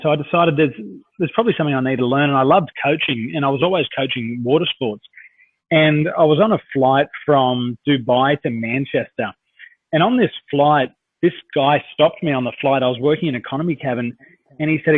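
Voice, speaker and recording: A man's voice: mid-range voice, a little fast, breathy edge, no room sound. A man from Australia, a coach and interview guest, telling rambling anecdotes with many fillers and restarts. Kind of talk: conversational storytelling. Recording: dry, tinny phone-like audio.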